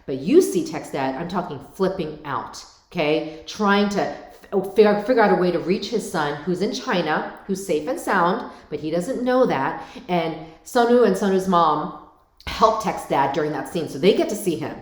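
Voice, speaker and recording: A middle-aged woman talking casually to camera about parenting, animated and addressing viewers directly. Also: lowish voice, normal speed. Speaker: parenting vlogger. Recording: echoey room.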